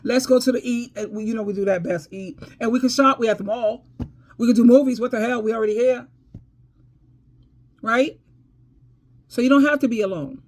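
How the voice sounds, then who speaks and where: This advice vlogger has a fairly high, a little mellow voice, talking a little fast with long pauses. Her storytime advice is casual yet preachy and emphatic; she calls listeners "baby" and "girl," repeats herself, and laughs between points.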